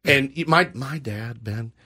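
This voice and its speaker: A man's voice: mid-range voice, a little slow. A middle-aged man hosting a show, telling a story in a self-mocking way and slipping into the voices of the people in it. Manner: animated, self-mocking, jumps into quoted voices. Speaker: radio show host. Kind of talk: casual storytelling banter.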